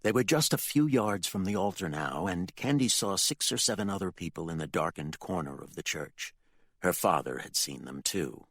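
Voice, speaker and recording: Man, audiobook narrator, very low voice, lively expressive delivery, dry close sound. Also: normal speed, dry recording. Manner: expressive, dramatic storytelling. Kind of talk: scripted fantasy audiobook narration.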